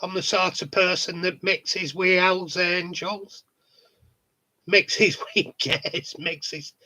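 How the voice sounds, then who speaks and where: A man's voice: high voice, fairly even intonation, slow pace, sharp tone, poor audio. A man in a casual monologue vlog, talking bluntly, swearing freely and chuckling often. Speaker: vlogger.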